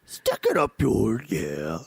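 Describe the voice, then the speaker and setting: Brief: man doing a solemn tiny alien sage, slow, gravelly. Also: on the low side, sing-song, dry recording, studio quality, voice pushed down, heavily acted. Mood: goofy.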